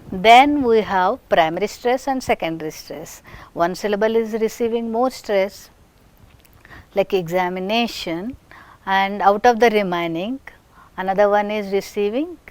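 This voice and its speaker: A woman with an Indian English accent lecturing on phonetics, speaking deliberately with frequent restarts and example sentences. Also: mid-range voice, no echo.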